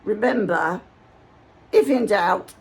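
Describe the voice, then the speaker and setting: A woman's voice: medium pitch, takes it slowly, slightly rough. A woman from Hampshire, England, chatting casually to camera and telling a rambling story full of asides. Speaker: vlogger.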